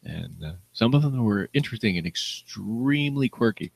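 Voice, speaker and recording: A man's voice: lowish voice, animated, moderate pace, creaky. A man co-hosting a casual comedy chat, telling stories, laughing often and acting out the people he quotes. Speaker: podcast co-host.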